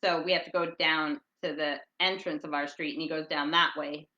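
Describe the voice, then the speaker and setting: A middle-aged woman hosting a casual, rambling chat show, who talks loudly and reads out listener comments as she goes. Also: deep voice, fairly even intonation, moderate pace, echoey room, dull audio. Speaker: podcast host. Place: at home in England.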